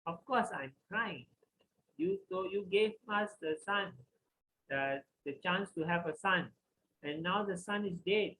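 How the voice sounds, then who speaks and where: A man's voice: high-pitched, unhurried, sharp tone, a little hiss or hum, poor audio. A man voicing a desperate, grieving king who pleads and protests. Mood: pleading. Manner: pleading, indignant.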